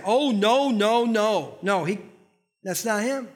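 A middle-aged man preaching with a strikingly high-pitched voice. He leans on emphatic, conversational delivery and keeps putting questions to the congregation. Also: takes it slowly. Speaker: pastor. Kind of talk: sermon.

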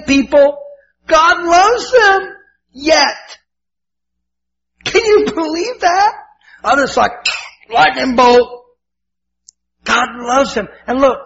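Fervent older male preacher, gravelly. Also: sits high, a bit bright. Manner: fervent, emotional preaching with repetitions. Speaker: pastor. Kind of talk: sermon. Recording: dull lo-fi with faint hiss.

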